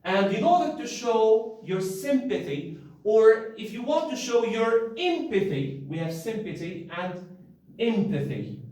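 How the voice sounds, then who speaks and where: A man gives a slow, patient English lesson, repeating phrases and reading the examples in an emphatic raised voice. His voice sits fairly high. He sounds some distance from the mic in a very echoey room. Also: darkish tone. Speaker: English teacher. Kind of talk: classroom lesson explanation.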